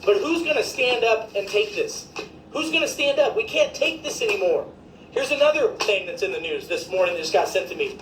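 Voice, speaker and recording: In a ranting video, a female doctor addresses viewers with outraged, forceful, swear-filled commentary. She speaks at a medium pitch, animated and a little fast, in an echoey room where faint noise lingers.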